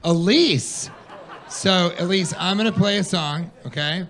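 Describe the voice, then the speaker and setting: On stage for a stand-up set, a man riffs playfully with the audience in an animated way. His voice sits high, and he talks a little slowly.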